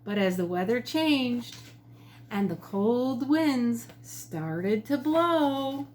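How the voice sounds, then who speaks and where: A teacher reads her picture book to children from her kitchen in a high, bright voice. She takes it slowly and gently and leans into the storytelling. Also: a little hiss or hum. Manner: gentle, slow and expressive storytelling. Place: home kitchen.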